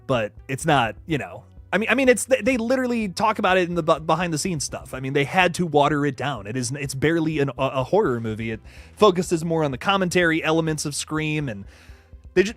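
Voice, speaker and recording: Animated man chatting on a livestream. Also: a little high, dry recording. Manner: animated, swearing, laughs often, reads chat aloud. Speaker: horror news host. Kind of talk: casual livestream chat.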